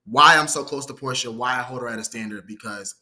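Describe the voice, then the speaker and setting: A man's voice: medium pitch, fast. A man in his thirties, a guest in a casual interview, telling a story with energy and acting out what others said. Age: 30s. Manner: animated, acts out quoted dialogue, frequent "you feel me". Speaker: guest, former assistant.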